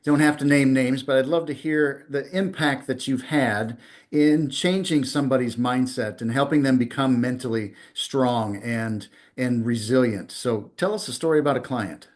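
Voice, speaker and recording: A man's voice: mid-range voice, normal speed. A man with an ordinary mid-range voice hosts a podcast conversation. He talks with enthusiasm and often repeats a word before finishing his thought. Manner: enthusiastic, repeats words while starting sentences. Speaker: podcast host. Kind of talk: casual podcast interview.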